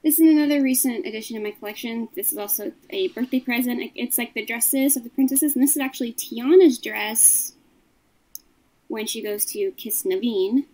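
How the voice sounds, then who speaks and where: A woman casually shows off her collection, describing each piece in a plain, matter-of-fact way. Her voice is a little high with a dark tone, her pace is moderate, and the audio quality is poor.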